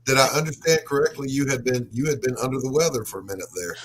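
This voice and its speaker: A man's voice: medium pitch, animated, fast talker, crowd noise, low-quality recording. A man who served in the military, chatting on a livestream and often restarting his sentences. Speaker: military veteran panelist. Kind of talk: casual group chat on a livestream. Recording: clear background noise on the line.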